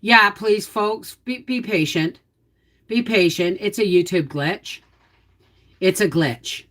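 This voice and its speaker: A woman's voice: mid-range voice, slow pace, fairly bright tone. A woman hosting a casual livestream, chatting in a folksy, down-to-earth way while explaining cooking and gardening and answering viewers. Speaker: homestead channel host.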